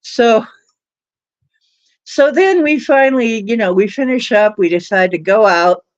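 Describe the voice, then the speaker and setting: This woman's voice is fairly low and a little mellow, with no room sound on a dry, dull lo-fi recording. She's hosting a livestream, laughing and rambling through casual stories full of fillers.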